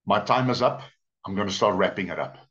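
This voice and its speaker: Here a pastor, male, tells stories through his sermon, his pitch rising and falling expressively. He leans hard on words and draws them out, all in a muffled, lo-fi recording of a church service.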